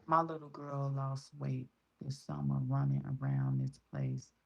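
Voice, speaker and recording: Woman, Chicago accent, deep gravelly voice, dark tone, blunt casual vlog talk. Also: very animated, unhurried, muffled recording. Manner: blunt and profane, quotes others in raised voices. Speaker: vlogger.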